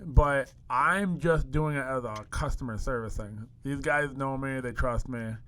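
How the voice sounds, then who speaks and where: A man co-hosting a podcast, chatting casually and telling animated stories, acting out what people said. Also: medium pitch, unhurried, a little hiss or hum. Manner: animated storyteller, acts out customers and himself in quoted voices. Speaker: podcast co-host, card shop owner. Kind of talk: casual chat.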